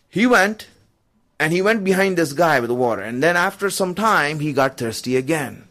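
A man's voice: a little high, animated, moderate pace, fairly bright tone. A man preaching a storytelling sermon in a loose, conversational way, full of asides and chuckles. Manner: conversational, fillers, chuckles while telling.

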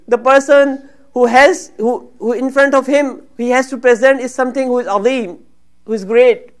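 High-pitched lady preaching, earnest, gets worked up on the prayer parts. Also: steady tone, fairly quick, clear, resonant tone. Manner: earnest, rises and grows emotional when voicing supplications. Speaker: religious speaker. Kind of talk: sermon.

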